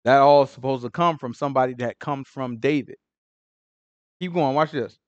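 A man's voice: mid-range voice, moderate pace, no echo, lo-fi sound. A man leading an informal Bible study, talking casually, often asking "right?" and acting out characters in street slang. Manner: conversational, repeats "right?", acts out Pharisees in slang. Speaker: Bible teacher.

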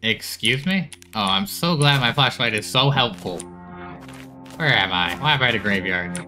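A man giving chatty commentary while playing a horror game, talking back to the characters on screen. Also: mid-range voice. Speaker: gaming streamer.

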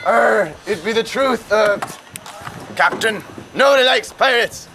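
A man's voice: high voice, unhurried, background noise. A man playing a put-upon young pirate crewman who complains in mock pirate talk. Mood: aggrieved.

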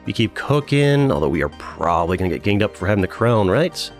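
A man's voice: on the low side, sing-song, brisk, faint music behind. A man hosting a gaming channel, giving casual commentary on his own play and thinking aloud with many fillers and restarts.

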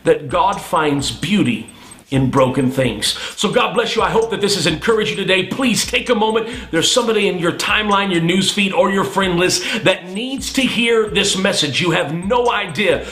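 Bright-voiced man preaching with passion. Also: high-pitched, lively intonation, moderate pace. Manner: impassioned, emphatic preaching. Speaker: minister. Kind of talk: testimony sermon. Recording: roomy echo.

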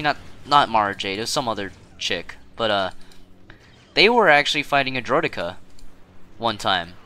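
Bright-voiced man rambling over gameplay. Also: medium pitch. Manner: rambling, self-correcting, quick to exclaim. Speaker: gaming streamer. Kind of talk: casual gameplay commentary.

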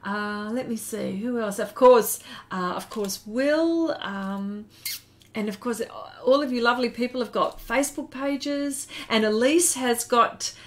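A woman's voice: fairly high pitch, unhurried. A middle-aged Australian woman chatting casually while drawing on a live stream, laughing often and reading chat messages aloud. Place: home studio shed.

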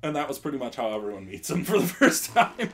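Casting: young adult male podcast host, loose and rambling, a beer in hand, mid-pitched. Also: sing-song, quick pace, slight background noise. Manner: rambling, many ums, laughs often. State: drinking beer. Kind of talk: casual chat.

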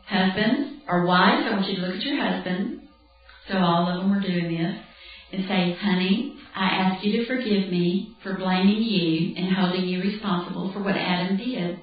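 A woman speaker teaching a conversational, animated sermon, often acting out bits of dialogue. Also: medium pitch. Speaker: Bible camp speaker. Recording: distant, roomy, dull lo-fi hall recording with faint music.

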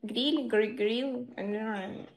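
A woman's voice: a little high, takes it slowly, slight background noise. A young woman live streaming, chatting casually with viewers in simple broken English and laughing often.

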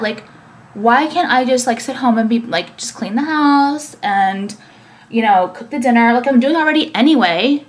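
A woman's voice: fairly high pitch, moderate pace. A young woman talking casually to camera, ranting with many fillers and swearing. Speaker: vlogger and business owner.

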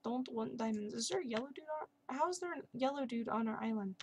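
A woman's voice: on the high side, animated, fast talker, a little mellow, a little hiss or hum. A young woman casually commenting over her Minecraft gameplay, chatty and sarcastic with self-mocking asides. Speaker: gaming channel host. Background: keyboard and mouse clicks.

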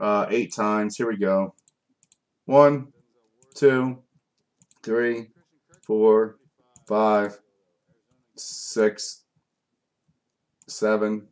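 A man's voice: lowish voice, steady tone, extremely slow, pauses often, clean tone. Male card break host; frustrated, profane, mutters card names between complaints. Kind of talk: live card break commentary.

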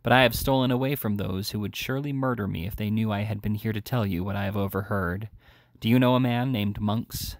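A man's voice: on the low side, fairly even intonation, fairly quick, dry recording, clean studio sound, lightly acted. A man voicing a desperate, ashamed young woman thief, pleading and urgent.

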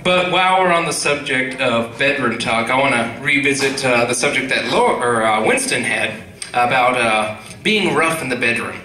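A man's voice: medium pitch, lively intonation, normal speed, bright, forceful tone. A man doing a stand-up comedy set, telling crude stories in a rambling way with plenty of fillers. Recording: echoey room from a distance.

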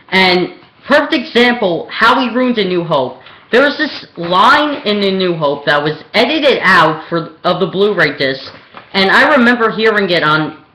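Slow, rambling young vlogger, echoey room. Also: mid-range voice, bright, forceful tone. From Pennsylvania, USA. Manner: rambling, hesitant, with many ums and restarts. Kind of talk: opinionated film rant.

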